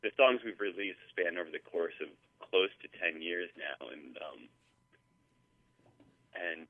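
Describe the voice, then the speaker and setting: A man's voice: low voice, expressive, unhurried, no room sound. Man rambling over a tinny phone line. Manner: rambling storyteller, many fillers and restarts. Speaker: musician guest. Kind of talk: casual interview over the phone.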